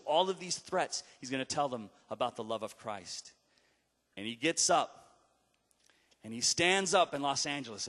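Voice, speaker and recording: A man delivers a sermon as a story, slipping into the voices of the people he describes. His voice sits a little high for a man. The sound carries the long reverb of a large hall. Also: fairly bright tone. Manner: storytelling preacher, dramatic pauses and acted quotes. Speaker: pastor.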